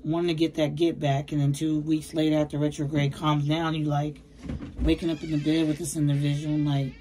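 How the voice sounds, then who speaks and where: Tarot reader, woman, low deep-set voice, slangy and emphatic, reading to camera from her bedroom. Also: little pitch movement, a little fast, dark tone, slight background noise, rough recording. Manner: chatty, slangy, emphatic, addresses viewers as baby. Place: bedroom at home.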